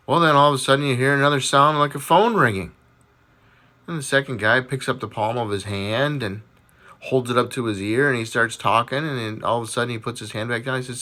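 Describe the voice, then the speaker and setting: A man telling jokes casually, jumping into high voices for the characters. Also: expressive, fast talker, pushed and bright. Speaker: joke teller.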